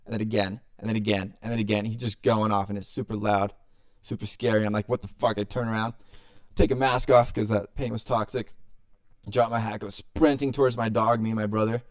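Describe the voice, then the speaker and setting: A young man tells a story on his podcast in a smooth, fairly low voice. He swears freely and acts out what everyone said. The sound is close and dry. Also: steady tone, a little fast, few pauses, no echo. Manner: loose and profane, acting out quotes. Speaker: podcast host. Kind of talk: casual storytelling.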